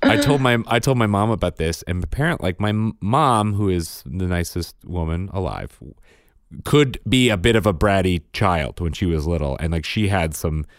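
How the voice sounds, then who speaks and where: A father and podcast co-host tells a parenting story in casual chat, keeping a matter-of-fact tone. His voice is low-pitched and expressive at a normal speed, recorded with clean studio sound and no echo.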